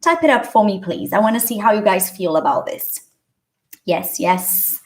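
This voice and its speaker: A woman's voice: medium pitch, expressive, normal speed. A woman teaching a live English lesson, greeting viewers by name, explaining words and asking questions in a chatty way. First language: Portuguese.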